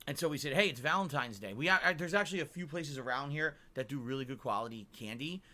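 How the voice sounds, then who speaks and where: A man's voice: mid-range voice, lively intonation, fast talker, sharp tone. A middle-aged man from Connecticut telling a long-winded, emphatic vlog story and checking in with the listener. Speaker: vlogger. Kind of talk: rambling vlog monologue.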